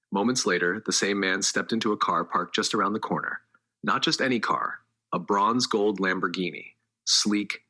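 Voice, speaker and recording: Male narrator, very deep voice, scripted dramatic storytelling, measured delivery. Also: bright, forceful tone.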